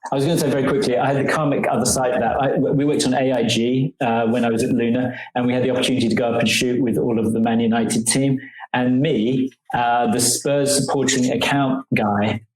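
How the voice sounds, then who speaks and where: A man's voice: mid-range voice, level tone, fairly quick, roomy sound, poor audio. A man co-hosting a podcast, telling stories in a chatty way with lots of fillers over a video call from home. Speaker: podcast co-host. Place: home room.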